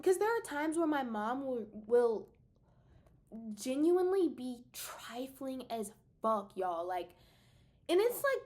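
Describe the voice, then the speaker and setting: Animated, high-voiced young woman venting. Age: young adult. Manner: emphatic, exasperated, talks straight to viewers. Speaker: vlogger. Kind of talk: casual venting to the camera.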